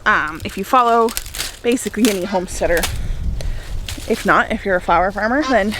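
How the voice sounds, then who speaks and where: A woman's voice: mid-range voice, a little fast, noisy background. A young woman chatting casually to the camera outdoors in her flower garden, upbeat and laughing often. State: a little out of breath. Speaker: flower farmer and homesteader. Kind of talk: casual vlog talking to camera.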